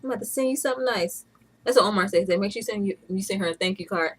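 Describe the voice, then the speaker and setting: Woman, 30s, from Atlanta, casual vlog chat, playful, chatty, mid pitch. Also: racing, slightly rough, rough recording. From Atlanta, USA. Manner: chatty and playful, with bursts of laughter. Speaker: vlogger.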